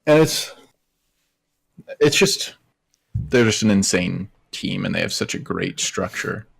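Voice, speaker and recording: A man's voice: low-pitched, expressive, slow, vocal fry, a bit bright, slightly rough. A young man co-hosting a casual esports podcast over a call, hesitant and often trailing off. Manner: hesitant, trails off, short agreeing replies. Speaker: podcast co-host. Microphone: remote call audio.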